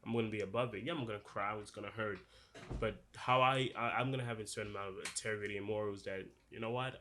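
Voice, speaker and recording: Young male podcast co-host, accented, earnest and rambling, on the low side. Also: fairly even intonation, quick pace, sharp tone, slight background noise. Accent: noticeable non-standard accent. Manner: earnest, loose, full of "like" and restarts. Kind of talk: casual podcast discussion.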